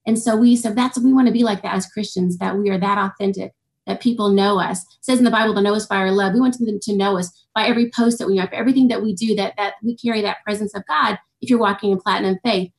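A woman's voice: medium pitch, fast talker, gravelly. A woman in her forties, a guest author, telling a personal faith story in an interview and acting out the voices of the people in it. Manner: animated storytelling, acts out quoted voices. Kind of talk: testimony in an interview.

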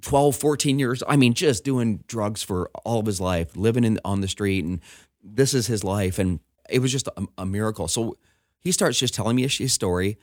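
A middle-aged man with a fairly low voice tells a personal story as a pastor in relaxed conversation. He is animated, quick to act out the voices of others and to laugh. The sound is close and dry. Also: dry recording. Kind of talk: personal testimony in casual conversation.

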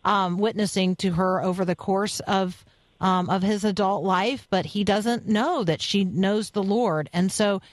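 A woman's voice: mid-range voice, unhurried, dry recording. A woman hosting a radio interview in a studio, friendly and reading out promos and listener requests. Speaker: radio host.

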